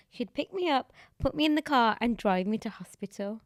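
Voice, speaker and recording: A British woman in her thirties, a guest in an interview, telling personal stories in a candid, animated way and laughing often. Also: fairly high pitch, fairly quick. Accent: British English. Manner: warm storytelling, laughs often. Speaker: guest, disability activist.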